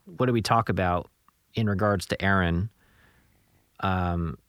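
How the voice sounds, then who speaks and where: Deep-voiced man co-hosting a podcast. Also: measured pace, a bit bright, clear, resonant tone, no echo, clean studio sound. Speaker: podcast co-host. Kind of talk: podcast conversation.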